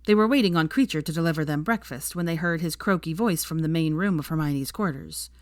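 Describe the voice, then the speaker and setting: A woman narrating fan fiction in a measured, expressive storytelling manner. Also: low voice, no echo, studio quality. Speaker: fanfiction narrator. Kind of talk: scripted narration.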